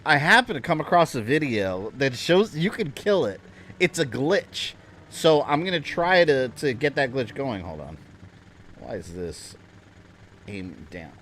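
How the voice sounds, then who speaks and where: A man's voice: mid-range voice, big pitch swings, a little slow, a bit bright, a little hiss or hum. Dude streaming a game from his desk, chatty and rambly, pokes fun at himself. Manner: chatty, rambling, self-deprecating. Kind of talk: casual livestream chat. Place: home desk setup.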